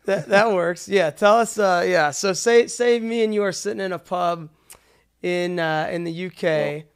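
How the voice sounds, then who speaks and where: A man's voice: high voice, clear, resonant tone. A man hosting a podcast interview, keen and encouraging, often restarting his sentences. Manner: enthusiastic, halting, restarts often. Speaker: podcast host.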